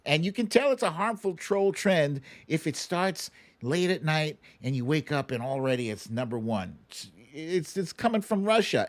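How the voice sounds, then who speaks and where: A man hosting a political livestream, his fairly high voice swinging up and down as he rants. He talks in a sarcastic, profane way, jumping between scorn and dry humor. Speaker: host.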